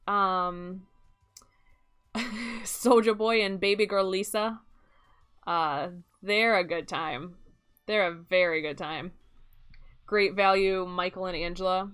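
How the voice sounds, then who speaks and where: A woman's voice: medium pitch, fairly bright tone, smooth. A young woman with a Midwestern accent, chatting casually and rambling while she streams a game, often breaking into laughs.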